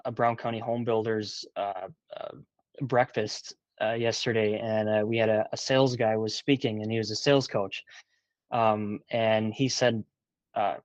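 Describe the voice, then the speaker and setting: A man's voice: mid-range voice, no echo. Hesitant young male guest, dull sound. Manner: hesitant, many fillers and restarts. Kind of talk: casual interview chat.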